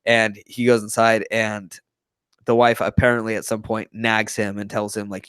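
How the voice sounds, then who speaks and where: A young man hosting a casual movie review podcast, excitedly retelling scenes and acting out the characters' lines. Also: on the low side, moderate pace, no echo, studio quality. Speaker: podcast host.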